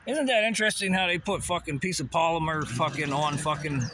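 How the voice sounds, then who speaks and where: A man's voice: on the high side, fairly quick, background noise. A man delivering a rambling, profane, conspiratorial monologue, often asking rhetorical questions. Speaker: vlogger.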